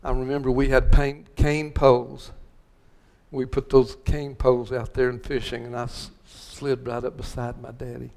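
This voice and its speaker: A man's voice: mid-range voice, monotone, moderate pace, creaky, a little mellow. An older man from West Texas preaching a sermon, telling stories in a rambling way full of restarts and repeated words.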